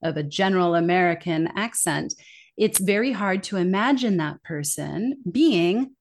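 A woman's voice: lowish voice, lively intonation, unhurried. A woman speaking as an interview guest in an earnest, reflective way, often quoting the complaints she hears. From English-speaking country. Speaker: accent bias consultant, guest. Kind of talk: conversational interview.

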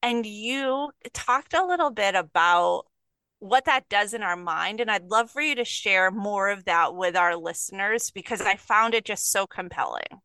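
A woman's voice: mid-range voice, lively intonation, unhurried, bright, forceful tone, clean tone, dry recording. A woman hosting a podcast interview, talking in a thoughtful, rambling way. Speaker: podcast host.

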